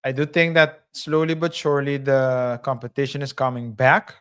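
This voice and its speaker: A man's voice: mid-range voice, level tone, normal speed, fairly bright tone, clean tone. A man co-hosting a podcast in casual chat, rambling with many fillers and hedges. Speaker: podcast co-host.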